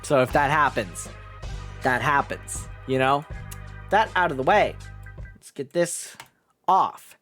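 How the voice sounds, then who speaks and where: A woman's voice: rumbling low, lively intonation, a bit bright, soft background music. A young woman streaming a game live, chatting casually, swearing and poking fun at herself. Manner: chatty, swearing, self-mocking, quick laughs.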